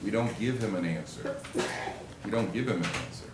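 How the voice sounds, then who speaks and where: A man giving an animated Torah class as a rabbi, joking and acting out quoted husbands and wives. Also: lowish voice, brisk, far from the mic, background noise. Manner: animated storytelling, acts out quoted husbands and wives, jokey asides. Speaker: rabbi lecturer. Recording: echoey room recorded from afar, faint ambience.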